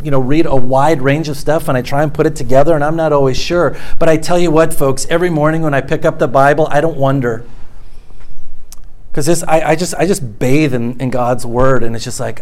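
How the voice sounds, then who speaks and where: A man's voice: fairly high pitch, moderate pace, a little mellow. A middle-aged man preaching a sermon as pastor, talking conversationally and repeating phrases for emphasis.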